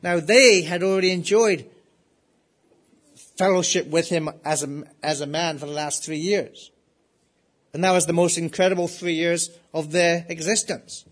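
A man's voice: a little high, fairly even intonation. Man preaching with earnest rhetorical questions. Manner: earnest, asks listeners rhetorical questions, repeats key phrases slowly. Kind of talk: sermon.

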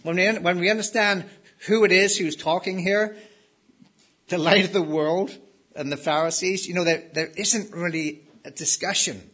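A man's voice: sits high, fairly even intonation, moderate pace, a bit bright, breathy edge. A man preaching a sermon in an emphatic way, repeating key words for stress.

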